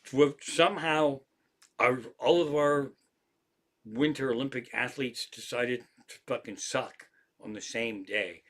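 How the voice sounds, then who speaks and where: A man's voice: mid-range voice, slow pace. Man telling profane, rambling stories at home. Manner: profane, animated anecdotes with frequent swearing. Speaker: comedian hosting a livestream. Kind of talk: casual rambling storytelling. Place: home, in an armchair.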